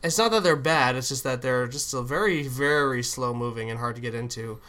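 A man co-hosting a podcast, chatting casually about music and laughing easily. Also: mid-range voice. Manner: relaxed, chatty, quick to laugh. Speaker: podcast co-host. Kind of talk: casual chat.

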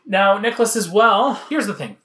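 A man's voice: high voice, lively intonation, normal speed, sharp tone. A man from Canada co-hosting a casual music podcast, chatting and reading out researched facts about a band. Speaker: podcast co-host. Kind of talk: casual chat.

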